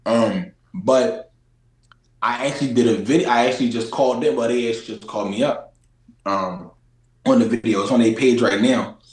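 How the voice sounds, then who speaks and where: Philly-accented male guest, mid-pitched, animated slangy chat, roomy echo on the track. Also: moderate pace. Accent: Philadelphia. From Philadelphia, USA. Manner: animated, slangy, repeats phrases for emphasis. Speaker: interview guest. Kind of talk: casual chat.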